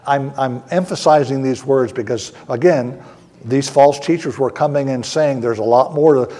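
Earnest preacher man with husky voice. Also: mid-range voice, warm tone, big-room sound. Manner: earnest preaching, slowing for emphasis. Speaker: pastor. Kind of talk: sermon.

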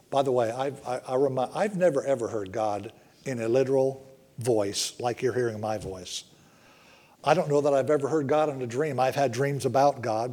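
Soft-toned earnest male preacher. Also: medium pitch. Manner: earnest, slows and softens for emphasis. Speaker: pastor. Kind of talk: sermon.

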